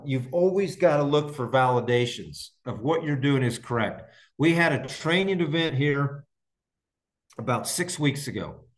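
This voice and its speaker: A man hosting a farming podcast, from Indiana, chatting casually and enthusiastically with listeners and answering their questions, with plenty of restarts. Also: mid-range voice. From Indiana, United States. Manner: rambling, enthusiastic, frequent restarts. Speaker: podcast host and farmer. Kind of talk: casual live-stream chat answering questions.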